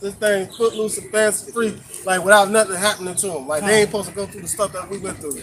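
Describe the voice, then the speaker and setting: A man leading a casual religious discussion, talking in animated, repetitive street slang and cueing others to read. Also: sits high, quick pace, over music. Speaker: discussion leader.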